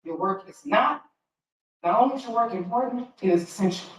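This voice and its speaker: A woman's voice: a little high, a little fast. An emotional woman speaks as a school board trustee, direct and openly frustrated. Her voice carries from a distance through a big, echoey meeting room. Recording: echoey hall from far off.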